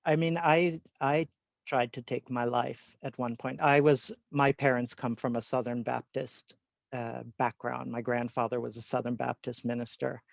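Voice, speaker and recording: Man, host, gravelly, earnest, laughs often, dry dull call audio. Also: medium pitch, little pitch movement, normal speed, no echo. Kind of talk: moderating a panel discussion.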